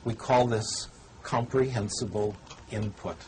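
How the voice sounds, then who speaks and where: A man's voice: lowish voice, steady tone, measured pace, background noise. An older man lecturing on language learning to a TV audience, conversational and wry, demonstrating as a teacher. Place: TV studio or lecture room.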